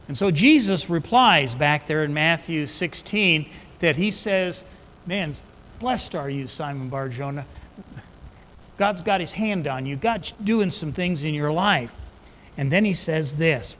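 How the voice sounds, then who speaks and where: A pastor with a high, light voice delivers an unhurried sermon from the pulpit. He talks in a conversational way, restarting his sentences, and then lifts his voice with weight when he quotes scripture. His words ring out with the long reverb of a large hall. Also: fairly bright tone. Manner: conversational preaching with restarts, rising emphatically on scripture. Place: church sanctuary.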